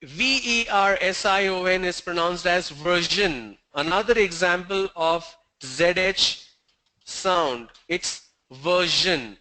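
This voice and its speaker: A man teaches pronunciation in a high, bright voice. He speaks slowly and deliberately, spelling out letters and firmly correcting his students. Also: slight background noise. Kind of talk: online class answering student questions.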